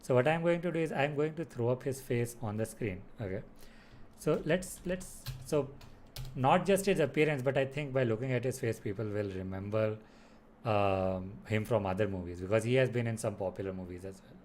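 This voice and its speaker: A man's voice: medium pitch, normal speed, darkish tone, a little hiss or hum. A man giving a casual spoken film review, rambling with lots of fillers and restarts. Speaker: movie reviewer.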